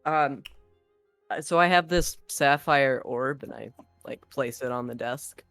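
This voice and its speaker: A man playing in a tabletop game, speaking in character hesitantly with many pauses and ums. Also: medium pitch, vocal fry, fairly bright tone, no room sound, soft background music. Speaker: player. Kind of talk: tabletop role-play, in character.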